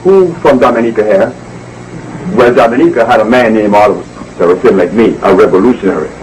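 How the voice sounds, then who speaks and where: A man's voice: lowish voice, fast, a little mellow, far from the mic, slight background noise, rough recording. A man giving an emphatic, preachy lecture to a live audience, repeating words for force. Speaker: speaker addressing an audience. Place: indoor evening gathering.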